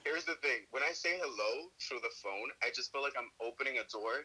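A man's voice: medium pitch, expressive, fast, bright, forceful tone, slightly rough, poor audio. A man co-hosting a casual podcast, teasing and giggly. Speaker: podcast co-host. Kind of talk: casual chat.

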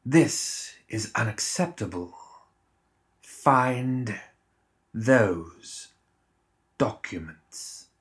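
A man voicing a cold, scheming male secretary who speaks quietly with controlled menace. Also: mid-range voice, big pitch swings, moderate pace, natural voice.

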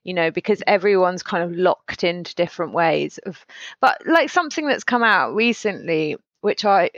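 A woman's voice: fairly low pitch, expressive, moderate pace, a bit bright, no room sound, lo-fi sound. A middle-aged woman co-hosting a casual chat, rambling and laughing often. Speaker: podcast co-host.

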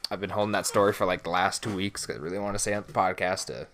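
Homem grave e falador, voz brilhante. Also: male voice, sits low, steady tone, racing, a bit bright, slight background noise. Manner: rambling storyteller, swears a lot. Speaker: podcast co-host. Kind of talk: casual podcast chat.

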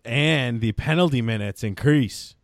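A man hosting an interview podcast, excitedly reading out a guest's stats in casual chat. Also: medium pitch, unhurried, no room sound, studio quality. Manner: enthusiastic, reads out stats. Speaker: podcast host.

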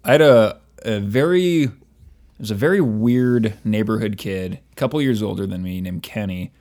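A man co-hosting a casual chat, talking loosely with lots of filler words and quick laughs. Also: fairly low pitch, darkish tone. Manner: laughs often, many fillers and restarts. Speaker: podcast co-host.

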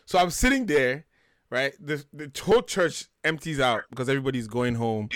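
A young man from Nigeria with a Nigerian accent, telling stories in a lively, joking way as a podcast co-host. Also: mid-range voice, moderate pace, dry recording, studio quality. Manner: animated, jokey, acts out quotes. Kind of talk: casual chat, storytelling.

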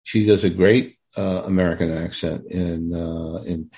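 A man co-hosting a casual fan podcast, talking with many pauses, fillers and restarts. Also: deep voice, fairly even intonation, mellow. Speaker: podcast co-host.

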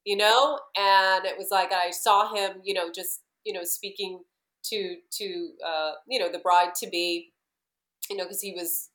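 A woman with a bright, sharp voice answers an interviewer's question in a casual, hesitant way, leaning on "you know" as she searches for words. Her voice rings in an echoey room. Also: medium pitch, steady tone, unhurried. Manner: warm, hesitant, many "you know" fillers. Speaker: guest, singer.

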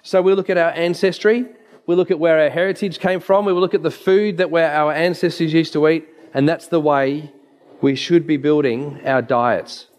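Emphatic man, fairly high voice. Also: steady tone, normal speed. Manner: emphatic, storytelling. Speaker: naturopath. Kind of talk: presentation with slides.

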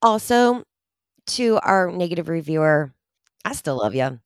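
A woman co-hosting a podcast in casual chat, bubbly and animated, often laughing. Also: on the low side, unhurried, smooth, no echo, clean studio sound. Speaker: podcast co-host.

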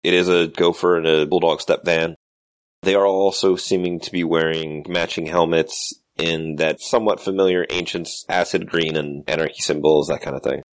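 Very deep-voiced man running a game. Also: moderate pace, dry recording. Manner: relaxed, explanatory narration. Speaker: game master. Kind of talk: narrating a tabletop game.

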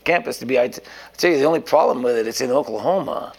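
A man's voice: mid-range voice, fast talker, gravelly. A man preaching an informal sermon in a rambling, folksy way, often restarting his sentences.

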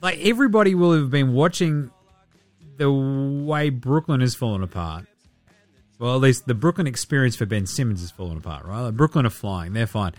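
A man's voice: mid-range voice, lively intonation, normal speed, no echo, faint music behind. A man hosting a casual sports podcast, swearing freely and mocking players with sarcastic impressions. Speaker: podcast host.

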